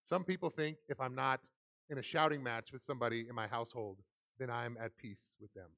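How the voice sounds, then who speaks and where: A man in his thirties preaching a sermon in a church, animated and laughing often as he acts out quoted lines. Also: medium pitch, a little fast. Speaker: pastor. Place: church hall.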